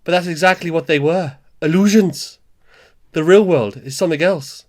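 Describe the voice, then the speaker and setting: A man putting on a Welsh accent to play an earnest Victorian gentleman. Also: fairly high pitch, normal speed, pitched above the performer's own voice, natural voice. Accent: put-on Welsh. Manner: earnest monologue, accent keeps slipping.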